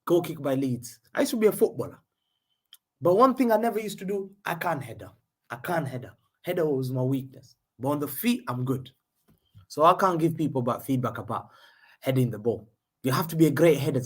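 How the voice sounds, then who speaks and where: A husky, excitable man with a voice on the high side calls a football match live as the fan host of a watchalong. He's slangy, repeats phrases, and jumps back and forth between play-by-play and chat.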